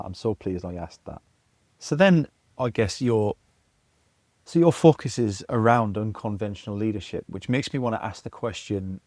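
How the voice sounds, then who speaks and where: A man's voice: fairly low pitch, darkish tone, no echo. A man hosting a podcast, encouraging his guest as he asks questions. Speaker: podcast host. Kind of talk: casual podcast interview.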